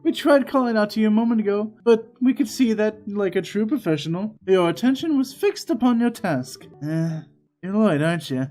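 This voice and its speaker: A man's voice: high voice, expressive, normal speed, a little mellow, soft background music, pitched above the performer's own voice. A man voicing a flamboyant, overly polite young man in amateur game voice acting. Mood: courteous.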